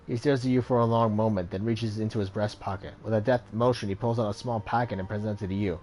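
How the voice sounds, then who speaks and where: A man's voice: on the low side, steady tone, quick pace, few pauses, darkish tone, a little hiss or hum. A man hosting a let's play and reading the game's text aloud, often stumbling and correcting himself.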